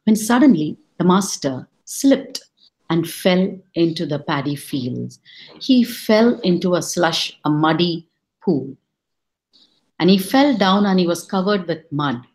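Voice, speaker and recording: Expressive woman telling a folk tale. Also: takes it slowly. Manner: expressive, rising high for quoted lines. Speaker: storyteller. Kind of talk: storytelling.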